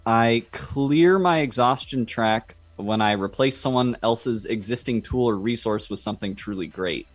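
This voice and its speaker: Male player, mid voice, halting and unsure. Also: mid-range voice, no room sound. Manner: hesitant, halting. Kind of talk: casual tabletop play.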